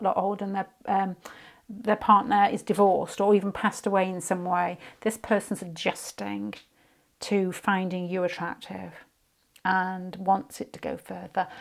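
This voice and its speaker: A woman in her fifties with a British accent, giving a casual, rambling tarot reading to camera, with side stories and quiet muttered asides. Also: medium pitch. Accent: British English. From United Kingdom. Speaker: tarot reader.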